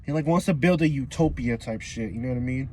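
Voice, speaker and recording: A man's voice: mid-range voice, quick pace, a little mellow, a little hiss or hum. A man casually recapping a comic chapter in a slangy, profane way, breaking into laughter often. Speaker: manga review YouTuber.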